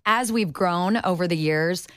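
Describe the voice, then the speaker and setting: A woman's voice: on the low side, unhurried, clear, resonant tone, dry recording. An upbeat woman visiting a radio studio, speaking earnestly and laughing easily. Her voice is close and dry on the studio mic. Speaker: TV host, studio guest. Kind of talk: radio guest interview.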